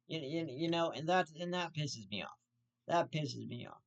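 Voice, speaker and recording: A man's voice: fairly high pitch, lively intonation, normal speed, gravelly, muffled recording. A man hosting his own vlog, ranting heatedly with heavy swearing and repeated restarts. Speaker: host of a commentary vlog. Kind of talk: profane ranting commentary.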